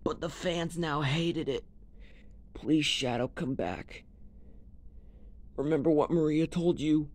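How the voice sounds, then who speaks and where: An amateur performer voices every character in a homemade fan drama, excitable and full of exclamations and hesitant fillers. The voice sits at a medium pitch and moves slowly, with long pauses.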